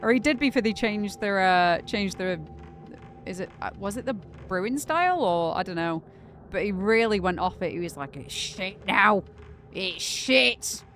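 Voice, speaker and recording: Streaming a game, a young Northern English woman with a subdued Northern accent talks casually, thinking out loud and laughing a lot. She has a medium-pitched, expressive voice at a moderate pace. Game music plays, with a little hiss or hum.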